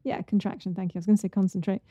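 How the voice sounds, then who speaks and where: Mellow-voiced woman co-hosting a podcast. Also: mid-range voice, level tone, racing, no echo, lo-fi sound. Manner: friendly, helpful, laughs along. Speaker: podcast co-host. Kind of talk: casual chat.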